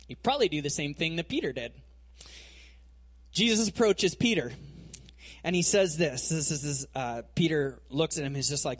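A man with a slightly high, husky voice preaching in a relaxed, conversational way. He tells the story in an animated style and uses plenty of everyday fillers. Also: moderate pace. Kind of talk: conversational sermon.

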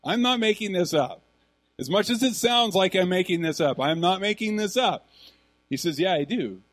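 A middle-aged man, preaching a sermon as a pastor in a conversational, animated storytelling manner. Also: high voice, moderate pace.

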